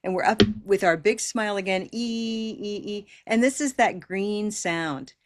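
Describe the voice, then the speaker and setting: A woman's voice: mid-range voice, normal speed, no echo, studio quality. Patient woman teaching pronunciation online. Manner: patient, encouraging, models long held vowels. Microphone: video call.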